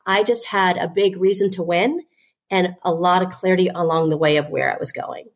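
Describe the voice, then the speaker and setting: A woman's voice: on the low side, steady tone, normal speed. Woman, interview guest, earnest storytelling, business owner, frequent "you know" fillers.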